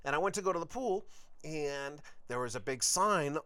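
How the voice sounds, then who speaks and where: A man's voice: on the high side, expressive, normal speed, sharp tone, no echo. A man hosting his own podcast, telling a long road-trip story in a rambling, casual, profane way. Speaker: podcast host.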